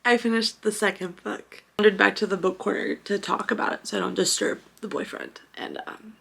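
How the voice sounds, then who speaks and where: A woman's voice: medium pitch, steady tone, fairly quick, creaky, fairly bright tone, husky. Gushing young woman book vlogger. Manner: gushing and self-dramatizing. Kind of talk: casual reading vlog. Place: at home in her apartment.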